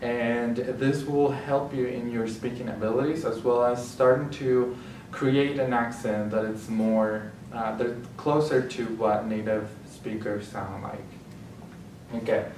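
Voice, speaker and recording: A man's voice: medium pitch, fairly even intonation, a little slow, darkish tone, distant mic, a little hiss or hum. A man explaining a language lesson in a plain, patient teaching style, often restarting his phrases. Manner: explanatory, repeats himself with small restarts. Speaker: Spanish teacher. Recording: echoey room, voice from off mic.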